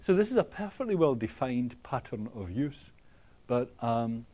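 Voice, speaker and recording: A man giving a university lecture, talking in a halting way with many ums and restarts, often checking in with the students. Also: medium pitch, big pitch swings, mellow. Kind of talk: classroom lecture. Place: lecture hall.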